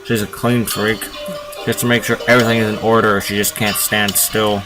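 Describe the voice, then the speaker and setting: A man narrates a story game in a lowish voice, reading lines and dropping casual jokes between them. Game music plays under his voice. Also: flat delivery, brisk, distant mic, rough recording. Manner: casual, joking asides. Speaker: gaming video host. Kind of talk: reading a visual novel aloud with commentary.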